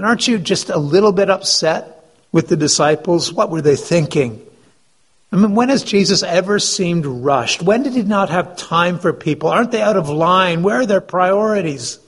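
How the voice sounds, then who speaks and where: Husky-voiced male pastor telling a story. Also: fairly high pitch. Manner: storytelling, asks the congregation questions. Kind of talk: sermon.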